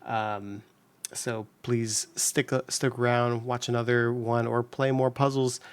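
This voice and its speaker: A man hosting a puzzle channel gives casual, upbeat solving commentary, rambling with lots of fillers and restarts. He speaks a little slowly at medium pitch in a level, clear, resonant tone with no room sound.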